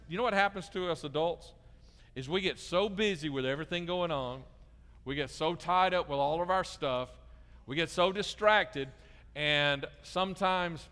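A middle-aged pastor gives a children's sermon, coaxing the kids with lively questions. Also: male voice, fairly high pitch. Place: church sanctuary. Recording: long reverb of a large church hall.

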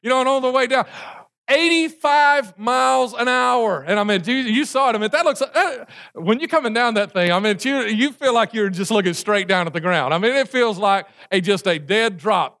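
A man, a pastor preaching a sermon and telling stories in an animated way. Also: sits high. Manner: animated storytelling, acting out prayers and screams.

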